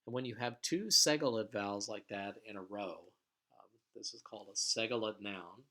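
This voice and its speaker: Male language teacher, lowish voice, patient explanatory lecture delivery with frequent uhs. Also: moderate pace, sharp tone. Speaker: Hebrew teacher. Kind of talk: recorded vocabulary lecture.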